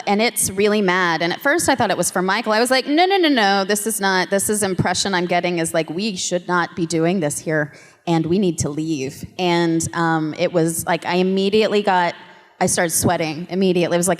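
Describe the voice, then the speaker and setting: A woman on a convention panel, telling a story with lively, laughing energy and acting out the quotes. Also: on the low side, fairly quick. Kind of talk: animated storytelling to an audience. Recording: reverberant convention hall.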